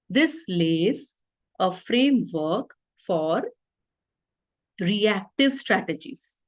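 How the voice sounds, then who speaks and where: A woman leading an online teacher training over a video call, explaining calmly and checking in with "okay?". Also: medium pitch, slow pace, rough recording.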